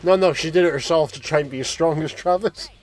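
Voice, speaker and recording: A man with a slightly high-pitched voice, riffing loosely over a game stream. He swears freely and teases his co-host, his talk rambling from one tangent to the next. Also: fast talker. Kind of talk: casual let's-play commentary.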